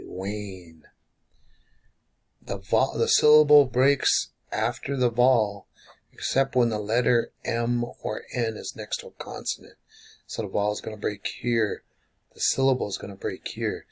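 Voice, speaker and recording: A man's voice: lowish voice, slightly rough. A man teaching language phrases, call and response, who repeats each phrase for learners to say back. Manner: slow, drilling repetition of phrases.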